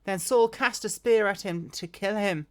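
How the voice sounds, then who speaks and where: A woman reads a Bible passage aloud at a plain, middle pitch. Her reading is unpolished, with frequent restarts and self-corrections, like a casual daily reading. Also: moderate pace. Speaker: scripture reader.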